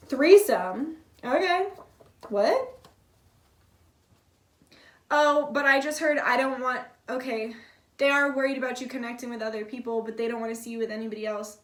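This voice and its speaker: A tarot reader with a fairly high, fairly bright voice chats through a casual reading, blunt and loose, swearing freely and using lots of fillers like "like." She sits a little back from the mic in an echoey room, with a little hiss or hum.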